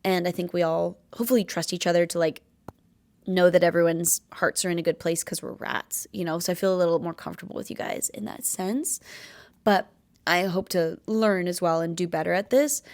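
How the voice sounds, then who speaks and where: A woman's voice: on the low side, fairly even intonation, brisk, a little mellow. A woman in her late twenties hosting a podcast, talking earnestly in a rambling, casual confessional way, full of fillers. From Canada. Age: late 20s. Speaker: podcast host.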